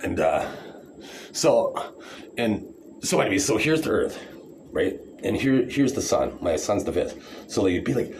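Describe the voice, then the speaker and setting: Profane ranting man, low voice. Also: sing-song, unhurried, pauses often, darkish tone, slight background noise. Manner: profane, ranting, sarcastic, condescending. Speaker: vlogger. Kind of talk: rambling angry monologue to camera.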